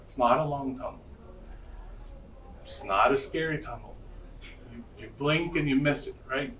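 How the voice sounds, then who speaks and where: A man's voice: mid-range voice, measured pace, a bit bright. A man from Norway with a Norwegian accent, casually telling childhood stories in a presentation, chatty and self-deprecating, with many restarts. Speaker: college counselor giving a presentation. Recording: roomy, distant mic with faint ambience.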